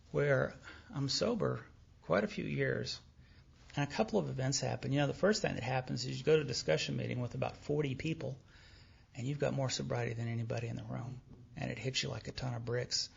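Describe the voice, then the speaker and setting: Male speaker, candid self-deprecating storyteller who acts out dialogue, husky voice, dull lo-fi live tape. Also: mid-range voice, fairly quick. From Texas. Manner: animated storytelling, acting out remembered dialogue. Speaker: recovery meeting speaker. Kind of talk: personal story shared at a recovery meeting.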